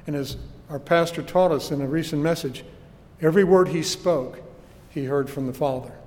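A man's voice: fairly high pitch, moderate pace, darkish tone, in a large hall. A man preaching a sermon with earnest emphasis and rhetorical questions, recorded in a church.

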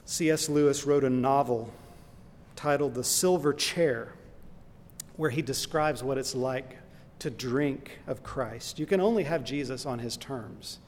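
A man's voice: mid-range voice, measured pace, a little mellow, slight background noise. A man preaching a sermon, earnest and emphatic, who builds into impassioned lists and retells a story along the way. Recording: long reverb in a large hall.

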